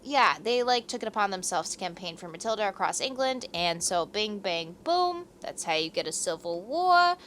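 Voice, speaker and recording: A woman's voice: medium pitch, big pitch swings, moderate pace, hardly any pauses, a bit bright, a little hiss or hum. A young woman co-hosting a podcast, telling a history story in a chatty, rambling, slightly profane way. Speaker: podcast co-host. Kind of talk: casual storytelling chat.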